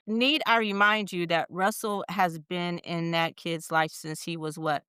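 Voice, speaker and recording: A woman talks through a casual podcast chat, blunt and slangy, with exasperated asides. Her voice is very clear and smooth. The sound is dry and close. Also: fairly low pitch, moderate pace, hardly any pauses, a bit bright, no echo. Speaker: podcast co-host.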